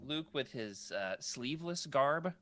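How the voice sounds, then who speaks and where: A man's voice: mid-range voice, expressive, a little slow, fairly bright tone. A man co-hosting a casual chat, rambling and correcting himself as he stumbles over names. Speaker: podcast co-host. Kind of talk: casual chat about comic art books.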